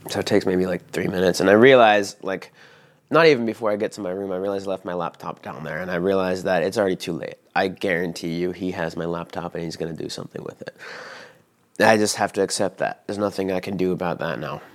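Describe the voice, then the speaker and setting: A man's voice: low voice, steady tone, quick pace. A young man casually recounting a personal story, rambling with frequent fillers and swearing. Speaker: vlogger telling a personal story.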